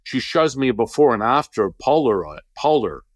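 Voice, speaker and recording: A middle-aged man telling a story in casual conversation, animated, acting out the voices of the people he quotes. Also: medium pitch, normal speed, no echo, studio quality. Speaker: Taoist teacher, interview guest.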